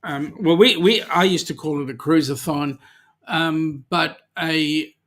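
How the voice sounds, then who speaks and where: A man's voice: a little high, measured pace, a bit bright. An Australian man hosting a livestream, chatting casually and reading viewer comments aloud with lots of ums. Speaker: livestream host.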